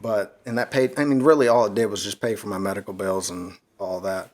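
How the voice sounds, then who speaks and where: A man on a casual podcast telling a wild personal story, animated and swearing freely, laughing at his own misfortune. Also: fairly low pitch, a little fast. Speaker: podcast co-host.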